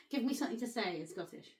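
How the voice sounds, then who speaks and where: A woman's voice: a little high, a little fast, roomy sound. A woman from England chatting casually as host, asking curious questions and laughing often. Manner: giggly, curious, animated questions. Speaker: actress and host. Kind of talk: casual chat.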